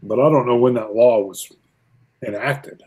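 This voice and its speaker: A man's voice: medium pitch, normal speed, a little mellow. A man co-hosting a casual whiskey chat, joking and chiming in. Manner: jokey, chiming in with agreement. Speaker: whisky show co-host.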